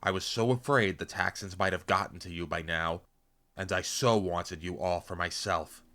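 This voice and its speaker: A man voicing a smug, cruel male alien commander who speaks softly with gloating delight. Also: sits low, moderate pace. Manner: soft, gloating, delighted menace.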